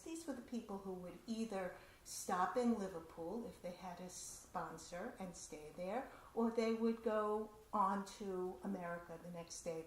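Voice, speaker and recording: A woman storyteller telling a personal family story in a conversational, animated way. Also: lowish voice, slight background noise. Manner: conversational, animated, laughs often. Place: community center hall. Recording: roomy hall echo, faint ambience.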